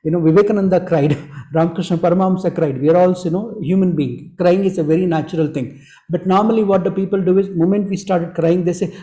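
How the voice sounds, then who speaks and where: A man, teaching breathwork to an online group in a gentle, repetitive way that leans on "you know". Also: high voice, fast talker, echoey room, low-quality recording. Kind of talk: online group workshop talk.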